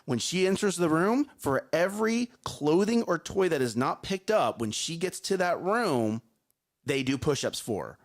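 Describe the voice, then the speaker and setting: Man, thirties, morning show co-host, lively swooping pitch, slightly high voice, emphatic storytelling. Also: moderate pace. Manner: emphatic, animated storytelling with frequent "okay?". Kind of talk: casual talk show chat.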